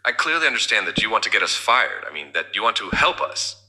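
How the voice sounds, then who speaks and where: A man voicing a servile, sly male office assistant who speaks with mock politeness in an animated story. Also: lowish voice, fast talker, heavily acted. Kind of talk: scripted character voice.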